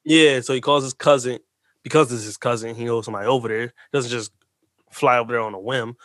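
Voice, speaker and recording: A man's voice: mid-range voice, quick pace, no room sound, clean studio sound. A man in casual profane chat, breaking down a movie scene by scene and acting out its lines. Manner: animated, acts out scenes, profane. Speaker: movie discussion co-host.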